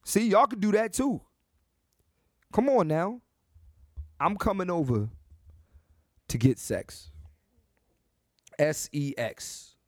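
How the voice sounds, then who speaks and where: A brash man in his thirties holding forth on his own podcast, restarting his sentences as he goes. His pitch swings widely and sits a bit high. The sound is dry and close. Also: takes it slowly, pauses often, no room sound. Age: 30s. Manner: brash, animated, repetitive restarts. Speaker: podcast host. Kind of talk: comedic solo podcast monologue.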